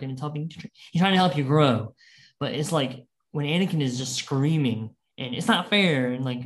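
A young man hosting a podcast, reviewing a film in an animated, casual way and quoting its lines, with lots of likes and restarts. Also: mid-range voice. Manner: animated, quotes movie lines in passing, many likes and restarts. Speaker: podcast host.

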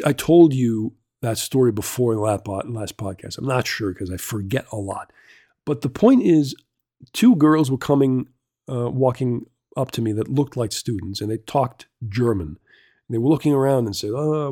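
A man's voice: medium pitch, a little mellow, dry recording, studio quality. A man hosting a casual solo podcast, rambling through a story with lots of restarts, fillers and swearing. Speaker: podcast host.

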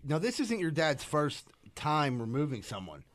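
A man's voice: fairly high pitch, huge pitch swings, moderate pace, no echo, clean studio sound. A man in a casual chat, telling prank stories with a laugh and swearing. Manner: laughing, prankish storytelling with acted quotes.

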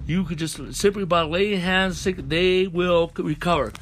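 A man's voice: high-pitched, a little slow, fairly bright tone, slight background noise. Preacher man punctuating with hallelujahs. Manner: repeats hallelujah and amen between phrases; rises to chanting repeated lines. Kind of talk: sermon on a conference call.

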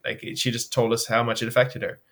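Brief: young man from Nova Scotia, lively storyteller, casual guest on a call, mid pitch. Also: fast. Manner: animated storytelling, frequent fillers. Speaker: guest, charity runner. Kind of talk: casual interview chat. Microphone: remote video call.

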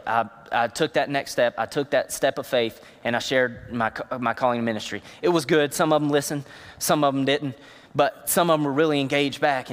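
A youth pastor preaching a sermon, telling personal stories in a conversational, emotional way. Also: male voice, mid-range voice, big-room sound.

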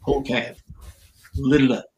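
A man's voice: mid-range voice, flat delivery, normal speed, lo-fi sound, noisy background. An older man, a guest in an interview, telling stories in a chatty way, laughing often and acting out what people said. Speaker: guest, former wrestler and referee. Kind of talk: casual interview storytelling.

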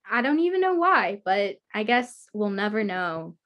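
A woman's voice: medium pitch, sing-song, slow pace, dull audio. A woman hosting an interview over a video call, chatting casually, giggling often and rambling through her stories. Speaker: guest host interviewer. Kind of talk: casual chat.

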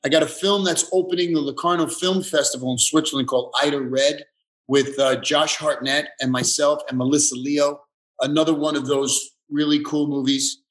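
A man from the Bronx, a guest on a casual chat show, talking in halting bursts with many restarts. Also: a little high, steady tone, a bit bright. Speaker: actor guest.

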